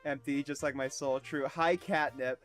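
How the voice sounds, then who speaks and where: Over soft background music, a man speaks at a medium pitch in a steady, somewhat bright tone while livestreaming a game. His casual talk with viewers is full of swearing, self-deprecating jokes and fast remarks to chat.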